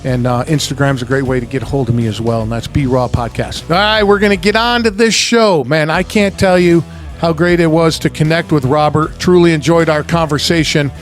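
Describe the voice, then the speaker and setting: A man hosting a casual podcast, his voice sitting a bit high for a man. He talks in a loose, chatty way, full of swearing and quick asides. Light guitar music runs faintly behind him. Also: fairly even intonation. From upstate New York. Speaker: podcast host.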